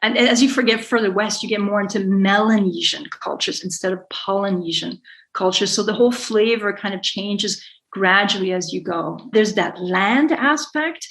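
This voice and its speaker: A middle-aged woman, a sailor and author, is the guest in a conversational interview, talking at length in a rambling, self-correcting way and laughing softly often. Her mid-range voice has vocal fry and a fairly bright tone, delivered at a moderate pace. The recording is rough.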